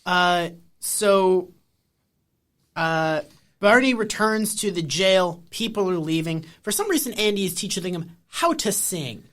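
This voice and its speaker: A man's voice: sits high, lively intonation, unhurried, fairly bright tone. A man co-hosting a podcast, chatting casually and comically about a TV episode in a rambling way, full of fillers and swearing. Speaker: podcast co-host. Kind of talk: casual comedic chat recapping a TV episode.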